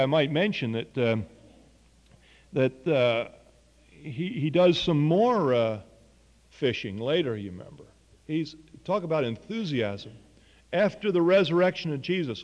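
A man's voice: fairly high pitch, darkish tone, in a large hall, dull audio. A man preaching a sermon, telling a story earnestly and voicing the people in it. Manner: earnest storytelling with quoted dialogue.

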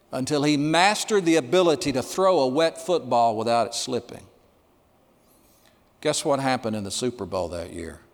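A man in his sixties preaching a sermon, telling stories with emphasis and dropping quiet for the key lines. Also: medium pitch, long reverb tail. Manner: storytelling, emphatic, drops to quiet for punchlines. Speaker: pastor.

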